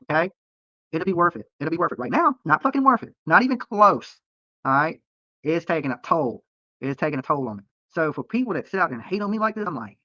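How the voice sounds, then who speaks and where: Man streamer, higher voice, bright and forceful, profane late-night rant, dry close sound. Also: no room sound. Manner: profane, heated, repetitive. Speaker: live-streaming YouTuber. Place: hotel room. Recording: dull lo-fi stream audio.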